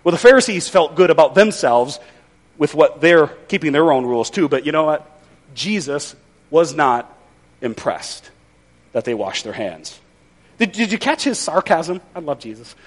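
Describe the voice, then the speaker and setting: Lively high-voiced male preacher. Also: moderate pace. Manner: conversational, folksy with wry humor. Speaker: pastor. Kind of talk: sermon.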